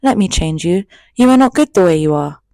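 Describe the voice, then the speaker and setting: A woman's voice: fairly low pitch, expressive, a little fast, dark tone, no echo. A woman mimicking a pushy, controlling ex-boyfriend in a storytime vlog, wheedling and demanding by turns. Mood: smug coaxing. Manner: wheedling then sulky and demanding.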